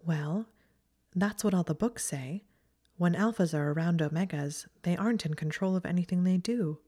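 A woman's voice: normal speed, warm tone, lightly acted. A woman voicing an emotional young witch who sobs and strains her voice through tears. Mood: earnest. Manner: sobbing, high and strained while crying. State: crying.

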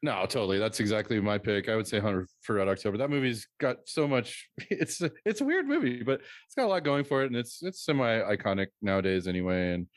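A man's voice: lowish voice, expressive, fairly quick, few pauses, dry recording, studio quality. A man appearing as a podcast guest, talking about horror films casually and stumbling over his words. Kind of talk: casual film discussion.

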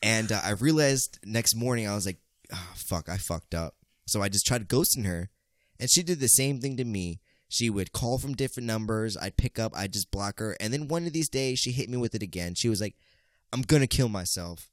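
A man's voice: lowish voice, brisk, no echo, studio quality. A man hosting a casual podcast, telling stories animatedly and profanely, mimicking other people's voices. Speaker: podcast host. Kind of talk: casual storytelling chat.

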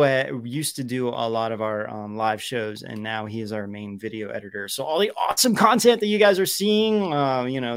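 A man's voice: mid-range voice, creaky, dry recording, studio quality. A young man hosting a live stream, talking casually and rambling with many fillers and restarts. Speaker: show host.

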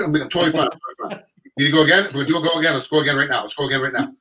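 A middle-aged man telling stories in a quick, tumbling rush. His tone is bright and forceful. He acts out what others said in animated voices. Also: fairly high pitch, low-quality recording. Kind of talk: casual storytelling chat.

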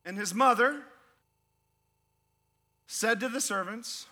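A man preaching a sermon as pastor, animated and playful, with frequent laughs and asides. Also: very high-pitched, normal speed. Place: church.

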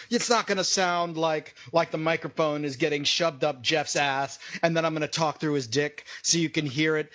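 A man's voice: fairly high pitch, normal speed, few pauses, fairly bright tone. A man co-hosting a comedy politics podcast, talking in a crude, provocative, blunt way. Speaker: podcast co-host. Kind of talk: casual comedic political chat.

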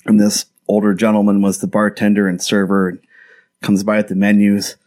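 A man's voice: lowish voice, monotone, brisk, a little mellow. An American man chatting casually as a podcast guest, telling rambling travel anecdotes with many restarts. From United States. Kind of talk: casual storytelling chat.

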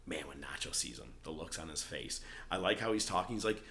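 Recapping a TV show on his podcast, a man talks briskly in a deep bass voice, swearing freely and performing quotes in character voices. The chat is casual and animated, with slight background noise.

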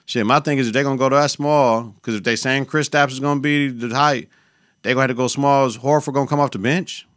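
A man's voice: mid-range voice, steady tone, quick pace, a bit bright, no room sound, studio quality. A man hosting a podcast, talking sports in a loose, profane, slangy, conversational way. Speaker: podcast host. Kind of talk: casual sports talk.

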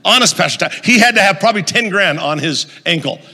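A man's voice: sits high, lively intonation, quick pace, bright, forceful tone, breathy edge, long reverb tail. A male pastor preaching a sermon, telling a funny story and quizzing the audience as he goes. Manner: storytelling, asks the audience questions, jokey.

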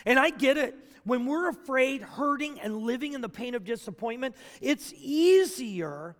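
A man preaching a sermon as pastor, dramatic, swinging between loud bursts and hushed asides. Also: very high voice, expressive, measured pace. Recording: long reverb of a large hall.

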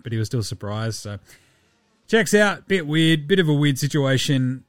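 A man with an Australian accent hosting a casual solo sports podcast, loose, sweary and quick to laugh. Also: a little high, expressive, dry recording. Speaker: podcast host.

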